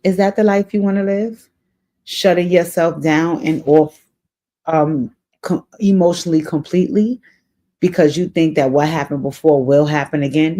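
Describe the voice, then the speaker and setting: A woman's voice: low-pitched, steady tone, normal speed, mellow. Woman, advice show host, casual spoken counsel, earnest, encouraging, repeats key lines. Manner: spiritual advice. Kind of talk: answering a viewer's letter in casual spoken advice. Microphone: off camera, voice only.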